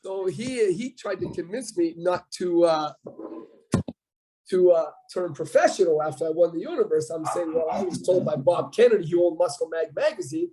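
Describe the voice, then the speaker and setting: A Canadian man in his fifties, a guest on a casual talk show, telling a story with lively quoted dialogue. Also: high voice, normal speed, slight background noise, poor audio. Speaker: podcast guest, bodybuilder.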